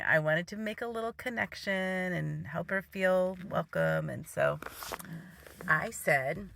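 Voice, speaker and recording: A woman's voice: lowish voice, gravelly, bright, forceful tone, no room sound, clean studio sound. A woman telling a personal story in a casual way, often laughing as she goes. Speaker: vlogger.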